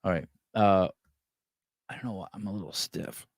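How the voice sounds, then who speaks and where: A man's voice: low voice, fairly even intonation, moderate pace, no echo, clean studio sound. A middle-aged man hosting a podcast in casual chat, profane and joking, telling stories with voiced quotes. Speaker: podcast host.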